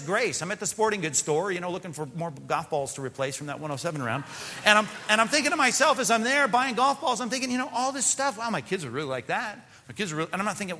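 A middle-aged pastor preaches with a bright, forceful edge and a voice pitched a little high. He keeps it conversational and animated, acting out little asides. His words ring out with a long reverb, as in a church sanctuary. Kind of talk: sermon.

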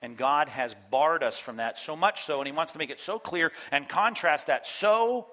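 A male pastor whose voice is on the high side preaches at a moderate pace in church. Animated, he speaks straight to the congregation and performs the voices of those he quotes.

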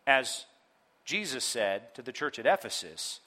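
Bright-voiced male pastor preaching. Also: mid-range voice, measured pace. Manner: animated, acts out quoted voices, addresses congregation directly. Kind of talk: sermon. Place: church.

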